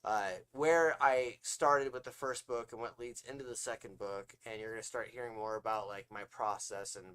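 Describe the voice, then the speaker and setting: A man's voice: medium pitch, steady tone, moderate pace, few pauses, a bit bright, smooth. Rambling casual man, podcast co-host. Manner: rambling, swears casually, laughs often. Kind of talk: casual livestream chat.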